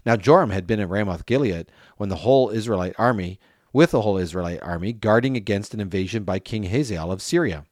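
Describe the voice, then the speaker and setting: A man with a somewhat low voice reads a Bible passage aloud in an even, steady way. The sound is close and dry, with no room around it. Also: quick pace, dry recording. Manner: steady reading, lifts voice for quoted speech. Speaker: scripture reader.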